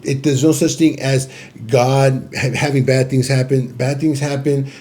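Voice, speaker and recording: A man's voice: medium pitch, little pitch movement, measured pace, dark tone. A man co-hosting a podcast, talking in an emphatic, advice-giving way and repeating phrases for emphasis. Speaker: podcast co-host. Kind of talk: casual podcast conversation.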